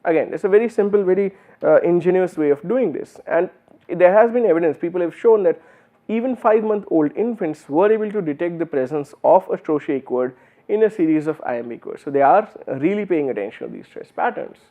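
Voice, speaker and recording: A man's voice: high-pitched, expressive, a little fast. Indian-English male lecturer, tinny sound. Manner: explanatory, uses many fillers and restarts. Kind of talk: university lecture. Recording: phone-like narrow band.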